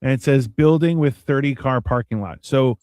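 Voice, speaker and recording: A man's voice: medium pitch, normal speed, darkish tone, smooth, dry recording, studio quality. A man co-hosting a live movie watch-along, chatting casually, joking and swearing as he comments on the scenes. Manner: joking, swearing, acts out characters.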